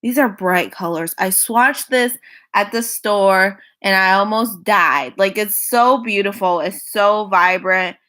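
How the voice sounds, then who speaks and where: A woman's voice: mid-range voice, pushed and bright. A young woman in her twenties casually chatting through a makeup wishlist, repeating herself, sighing and laughing between items. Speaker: makeup vlogger. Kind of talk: casual product rundown.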